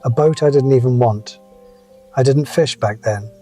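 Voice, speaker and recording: A man's voice: medium pitch, normal speed, warm tone, faint music behind. A man in his seventies telling wry, reflective personal stories as a scripted motivational talk. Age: 70s. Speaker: motivational speaker.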